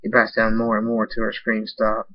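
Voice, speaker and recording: A man reading a fan-written story aloud, halting now and then with restarts. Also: fairly low pitch, completely flat delivery, dry recording. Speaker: fan fiction reader. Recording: dull dry lo-fi recording.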